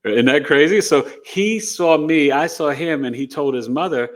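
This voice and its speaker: A middle-aged man, an astrologer, tells a personal story as an interview guest, animated and rambling, with lots of "you know" and "right?". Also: on the high side, moderate pace. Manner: animated, re-enacts dialogue in the telling.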